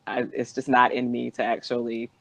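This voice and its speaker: A man co-hosting a podcast, telling stories in casual chat with quick asides. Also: mid-range voice, completely flat delivery, gravelly, fairly bright tone, dry recording. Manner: chatty storyteller, quick asides. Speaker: podcast co-host.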